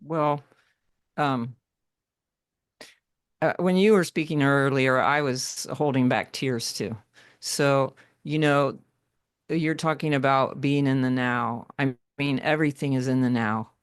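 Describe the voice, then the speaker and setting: A woman's voice: a bass voice, slow pace, long pauses, smooth, no echo, studio quality. A woman speaking as a guest on a video call, heartfelt and rambling with restarts. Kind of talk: casual conversation.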